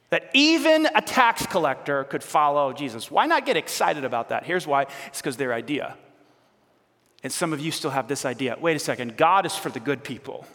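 A male pastor preaching in an animated, conversational way, teasing his congregation. His voice sits fairly high for a man. A long reverb trails his words around the church hall. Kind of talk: sermon.

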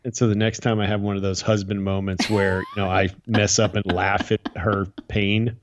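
A man's voice: fairly low pitch, flat delivery, moderate pace, slight background noise. A middle-aged man hosting a casual chat, rambling and laughing as he recaps a show. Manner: chatty, rambling, laughs often. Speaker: podcast host.

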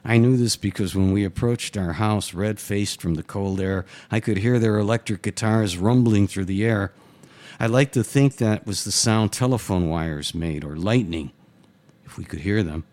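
A man, a writer, reading his own first-person short story aloud in a steady, matter-of-fact way. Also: on the low side, normal speed.

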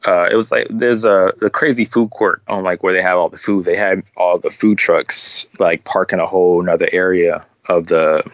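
Low-voiced rambling man, dull dry audio. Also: steady tone, dry recording. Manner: rambling, halting storyteller with many restarts. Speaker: podcast guest, sneaker collector. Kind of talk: casual chat.

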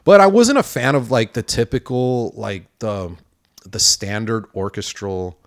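A man with a somewhat low voice co-hosts a casual movie podcast. He rambles and hedges, piling up fillers as he works toward a point. The sound is dry and close. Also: animated, measured pace, no room sound. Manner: rambling, hedging with many fillers. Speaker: podcast co-host. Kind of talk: casual movie review chat.

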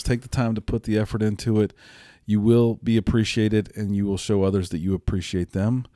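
A man's voice: on the low side, level tone, fairly quick, warm tone, no room sound, studio quality. A man co-hosting a podcast, giving punchy, motivational tips and repeating catchphrases. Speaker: podcast co-host. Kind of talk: casual podcast chat.

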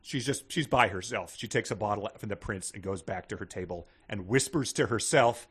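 A man's voice: fairly low pitch, brisk, a bit bright, breathy edge. A man co-hosting a comedy podcast about a book, joking and reading passages aloud in playful voices. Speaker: podcast co-host.

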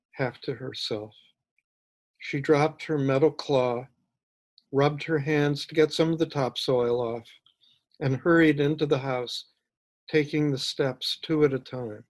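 A male author reading his own short story aloud in a measured, even way. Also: a little high.

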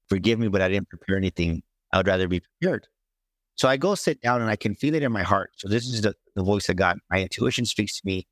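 Lower-voiced man telling a story. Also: quick pace, no echo, clean studio sound. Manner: animated, acts out quoted voices. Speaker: motivational speaker, guest. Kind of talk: storytelling in an interview.

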